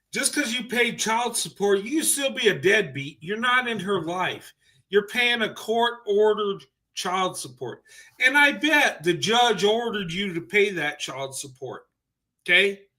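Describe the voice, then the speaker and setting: A man hosting a reaction commentary, incredulous and mocking, pausing to laugh and imitate what he hears. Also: high-pitched, animated, pushed and bright. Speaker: commentary channel host.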